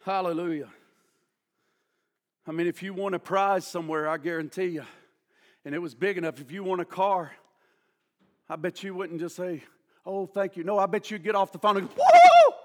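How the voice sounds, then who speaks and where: A man preaching a fervent sermon as pastor, often rising to shouts and acting out people praying. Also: high-pitched, steady tone, moderate pace, long pauses, in a large hall.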